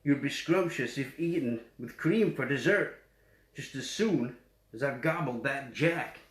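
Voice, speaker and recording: Yorkshire man reading as a greedy storybook giant, slow and gruff, roomy echo. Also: medium pitch, a bit bright, lightly acted. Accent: West Yorkshire. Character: hungry grumbling male giant who eats children.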